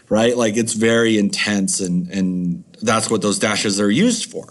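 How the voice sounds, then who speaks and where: A man's voice: on the low side, fairly even intonation, moderate pace, few pauses. A man teaching a recorded video lesson, chatty and rambling with many fillers.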